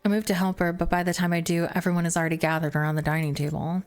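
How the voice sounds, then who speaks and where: Casual woman streamer, slightly low voice, narrating a game with asides. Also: flat delivery, rapid-fire, clear, resonant tone. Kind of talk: reading a visual novel aloud.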